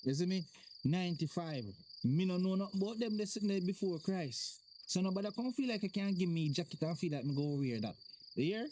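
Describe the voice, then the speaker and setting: A man's voice: sits high, animated, a little fast, mellow, a little hiss or hum. An actor with a Jamaican accent playing an angry, wronged man confronting his wife and then his pastor. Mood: bitter. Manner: angry, accusing, emphatic. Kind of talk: acted drama dialogue in patois.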